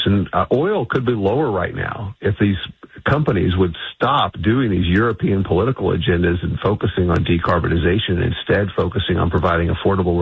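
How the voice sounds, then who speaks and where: A man's voice: sits low, gravelly, slightly rough, no room sound. A man being interviewed on radio as an energy institute CEO, talking emphatically and assertively with frequent restarts. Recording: dull lo-fi radio line.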